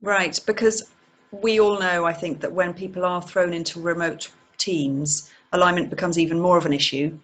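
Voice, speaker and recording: A woman's voice: fairly low pitch, steady tone, normal speed, fairly bright tone. Chatty woman hosting a webinar. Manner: chatty, many fillers. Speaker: webinar host. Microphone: video call.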